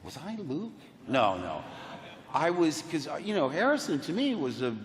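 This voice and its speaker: Lively man telling stories in a big hall. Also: a little high, moderate pace. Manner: animated, acts out quotes in different voices. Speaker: panel guest. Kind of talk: anecdotal storytelling to a crowd. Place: large convention hall. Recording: echoey convention hall, faint hum.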